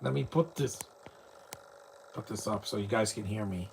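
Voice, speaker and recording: A man's voice: fairly low pitch, moderate pace, vocal fry, slight background noise. Chatty man riffing over a movie. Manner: chatty, laughs often, mocking asides. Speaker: movie commentator. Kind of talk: casual live movie commentary.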